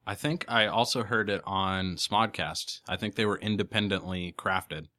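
A man's voice: sits low, fairly even intonation, moderate pace, bright, forceful tone. A man co-hosting a podcast in casual chat, sarcastic and swearing casually. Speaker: podcast co-host.

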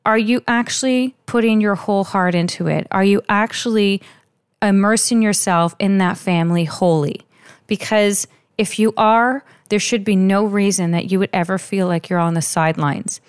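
A woman's voice: mid-range voice, steady tone, moderate pace, clean tone, no room sound, clean studio sound. A woman talking about being a stepmother, telling her own stories in an earnest, confiding way with many restarts. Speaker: stepmother sharing advice. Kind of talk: personal storytelling monologue.

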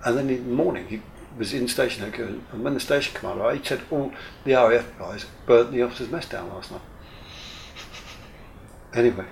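An older man, a retired airline captain, telling a lively, mildly profane story in an interview. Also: on the low side, gravelly, a little hiss or hum. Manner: lively, swears casually, full of restarts. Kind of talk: casual anecdotal storytelling.

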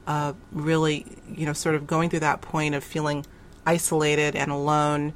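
A woman's voice: low-pitched, monotone, moderate pace, slight background noise. A woman hosting an interview, asking reflective, probing questions. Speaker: host.

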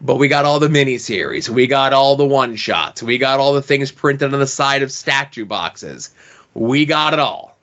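A man's voice: medium pitch, normal speed, a bit bright. A man with a mid-range voice plugs his podcast in a wry, self-deprecating way. He co-hosts a casual chat show. The audio is dull and lo-fi. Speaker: podcast co-host.

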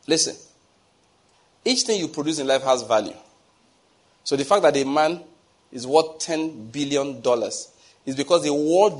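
A man preaching a sermon, telling personal stories and repeating phrases for emphasis. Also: medium pitch. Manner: storytelling, repeats phrases for emphasis, asks listeners rhetorical questions.

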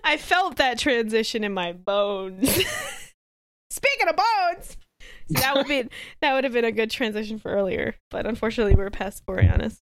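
A woman's voice: a little high, big pitch swings, moderate pace, no room sound, clean studio sound. A woman co-hosting a casual comedy podcast, giggly and rambling, often laughing at her own jokes. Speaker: podcast co-host.

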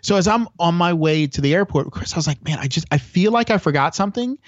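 A man's voice: fairly high pitch, animated, fast, no room sound, muffled recording. A man chatting as a podcast guest, telling long stories with lots of restarts. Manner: rambling storyteller with many restarts. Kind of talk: casual chat.

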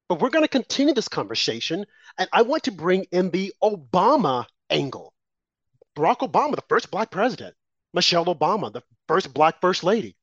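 A man hosting a political talk show, forceful and rhetorical. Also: high voice, no room sound, dull audio.

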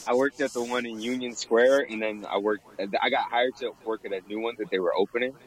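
A man's voice: mid-range voice, fairly even intonation, brisk, rough recording. A young man being interviewed about bartending. He rambles casually, fills his talk with fillers and laughs often. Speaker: guest, former bartender.

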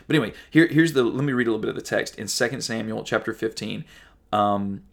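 A man's voice: lowish voice, fast talker, gravelly. A man preaching a sermon as a pastor, earnest and conversational, reading Bible passages and mimicking people.

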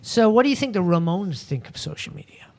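High-voiced playful male host. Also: big pitch swings, fast talker, vocal fry, a crowd in the background. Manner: playful, teasing, laughs often. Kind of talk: casual panel chat.

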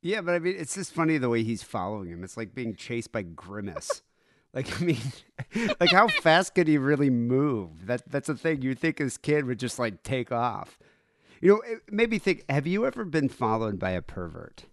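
Lively jokey man. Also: mid-range voice, normal speed, no room sound, studio quality. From Michigan, USA. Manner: jokey, rambling, crude humor. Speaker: podcast co-host. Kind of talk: casual true-crime chat.

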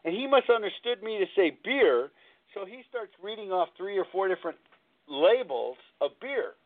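A man's voice: high voice, very animated, normal speed. A man hosting a call-in recovery talk show, telling a personal story in an earnest, rambling way. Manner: rambling, earnest, repeats himself. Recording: tinny phone-line sound.

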